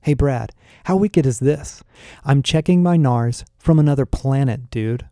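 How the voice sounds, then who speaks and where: A man's voice: medium pitch, unhurried, dark tone, dry recording, studio quality, close to an everyday voice. A man reading aloud, voicing a self-absorbed young man who talks in slangy, boastful bro speech.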